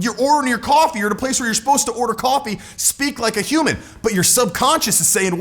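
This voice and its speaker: A man in his forties giving casual coaching talk straight to the viewer, animated and emphatic. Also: extremely high pitch, quick pace, few pauses. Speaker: social skills coach.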